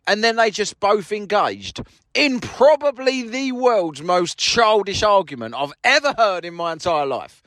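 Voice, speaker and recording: The voice sits high and swoops wildly in pitch, yet keeps a measured pace, a bit bright, with no room sound. A podcast host in his parked car tells a sweary, mocking story as a casual monologue, acting out both sides of a quarrel.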